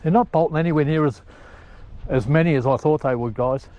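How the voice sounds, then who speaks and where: A man's voice: fairly high pitch, a little fast, dull audio. A man, talking casually outdoors to his viewers and his dogs while out ferreting. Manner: chatty, talks to his dogs and ferrets, excited calls. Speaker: ferreting vlogger. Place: outdoors in open country.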